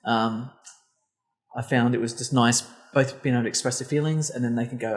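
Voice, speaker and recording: A man's voice: mid-range voice, steady tone, fairly quick. A man hosting a casual podcast, thinking aloud in rambling sentences. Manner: thoughtful, rambling with restarts. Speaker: podcast host.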